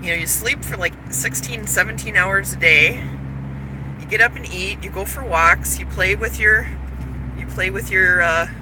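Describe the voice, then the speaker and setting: A woman chatting casually on a livestream while driving, holding her phone camera, telling animated stories. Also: mid-range voice, moderate pace. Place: inside a car on a freeway. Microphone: phone camera held in hand. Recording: loud road and car noise.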